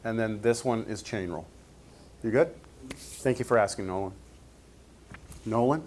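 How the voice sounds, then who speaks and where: A man's voice: lowish voice, moderate pace, a little hiss or hum. Man teaching calculus to a class. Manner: explains step by step, checks in with "right?". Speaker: math teacher. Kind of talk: classroom lecture.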